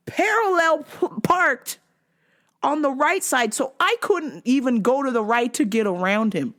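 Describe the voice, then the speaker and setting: Woman vlogger, profane comic storytelling, lively swooping voice, somewhat high. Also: measured pace. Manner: animated, swears constantly, shouts out quoted lines.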